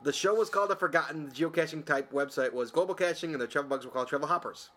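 A man's voice: fairly high pitch, racing, a bit bright. Jokey man reading listener emails. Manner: jokey, laughs often, reads emails aloud. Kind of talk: casual chat.

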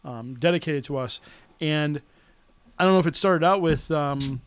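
A man's voice: a little high, moderate pace, smooth. A man co-hosting a podcast in casual chat, reading listener notes aloud with frequent chuckles. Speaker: podcast co-host.

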